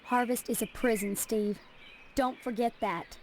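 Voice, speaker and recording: A woman's voice: a little high, steady tone, measured pace, darkish tone, slight background noise, close to an everyday voice. A woman playing an earnest, worried young woman in a 90s game. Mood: uneasy. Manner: earnest, urgent.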